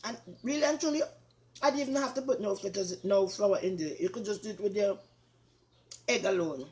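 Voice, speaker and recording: A woman's voice: mid-range voice, brisk. An older woman with a Jamaican accent, hosting a casual cooking chat and talking to viewers with lots of repetition. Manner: chatty, repeats herself, warm asides to viewers. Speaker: talk show host.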